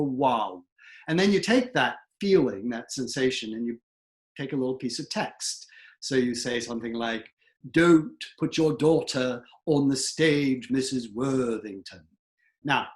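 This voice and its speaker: A middle-aged man, a theatre professor, explaining accent technique and breaking off to demonstrate sounds. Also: medium pitch.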